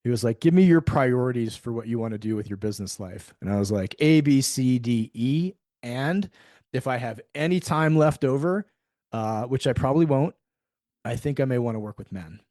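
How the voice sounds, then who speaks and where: Animated man telling a story, dry close mic. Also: mid-range voice, normal speed, no room sound. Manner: animated storyteller, acts out quoted dialogue, swears freely. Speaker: podcast guest. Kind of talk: storytelling in a conversational interview.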